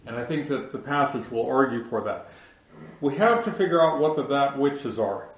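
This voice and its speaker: A man giving a verse-by-verse Bible lesson at a middle pitch, leaning hard on key words and slowing down to drive a point home. His voice sits in a roomy space, and the recording sounds a little dull and muffled. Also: animated. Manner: explanatory, stresses key words, slows to make a point. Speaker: Bible teacher.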